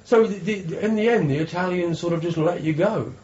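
A man's voice: sits high, brisk, darkish tone, lo-fi sound. A man interviewing an older speaker, asking questions and giving encouraging prompts. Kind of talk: oral history interview.

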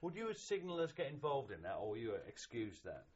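A man interviewing a veteran for an oral history archive, asking measured, formal questions. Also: mid-range voice, huge pitch swings, lo-fi sound.

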